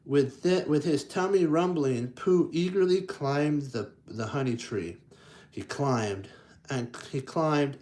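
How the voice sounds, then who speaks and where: A man reading children's picture books aloud and commenting on the pictures, halting often to correct himself and playing up the sound effects with enthusiasm. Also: fairly high pitch, darkish tone. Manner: halting, with frequent restarts and self-corrections. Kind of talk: casual read-aloud with commentary.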